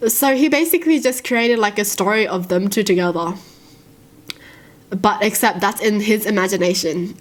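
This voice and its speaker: A woman with a hoarse voice from a sore throat, chatting and giggling as she reads stories aloud and reacts to them. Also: mid-range voice, moderate pace. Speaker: reaction video host. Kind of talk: casual reaction vlog, reading stories aloud.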